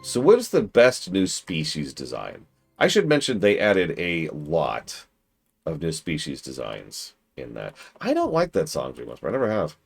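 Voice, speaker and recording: A man streaming a game, rambling casually with self-corrections and excitable asides. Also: low voice, moderate pace, creaky, breathy edge. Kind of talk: casual gaming stream commentary. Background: game music.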